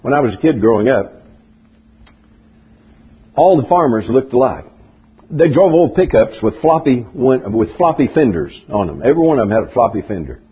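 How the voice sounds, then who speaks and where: Older preacher guy, high voice that swings all over, husky, kinda muffled old recording. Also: sing-song, normal speed, long pauses. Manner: folksy storytelling preaching with big pitch swings. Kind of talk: sermon.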